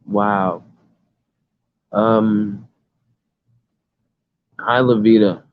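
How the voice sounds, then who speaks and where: Low-voiced man on tinny phone audio. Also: fairly even intonation, drawn-out words. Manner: rambling, earnest, emphatic. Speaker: livestream host. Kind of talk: casual livestream, reading chat aloud.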